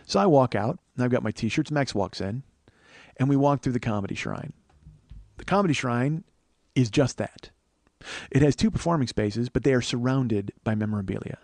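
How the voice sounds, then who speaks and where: A man's voice: mid-range voice, lively intonation, moderate pace, darkish tone, dry recording. A man in his forties, a comedian hosting a podcast, telling a story in a profane, rambling, ranting way. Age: 40s. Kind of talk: casual comic storytelling.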